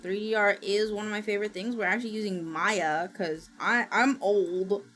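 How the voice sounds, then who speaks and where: A woman streaming, chatting casually while she works and gasping and squealing with excitement as she greets viewers. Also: mid-range voice, moderate pace. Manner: excitable, gasps and squeals at new followers; chatty and self-mocking, talking while working. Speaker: VTuber streamer. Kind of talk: casual livestream chat. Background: faint background music.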